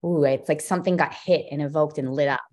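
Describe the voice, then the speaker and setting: A young woman talking as a podcast guest, expressive and a bit scattered, often restarting her sentences. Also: low-pitched, fast. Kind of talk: emotional personal conversation.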